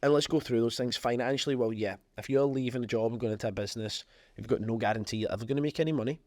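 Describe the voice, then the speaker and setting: A man's voice: medium pitch, rapid-fire, a little mellow, dry recording. This is a man hosting a business podcast, speaking in a mid-range voice. He talks in a frank, conversational way and leans hard on his key points. The recording is dry and close. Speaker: podcast host. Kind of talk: motivational business talk.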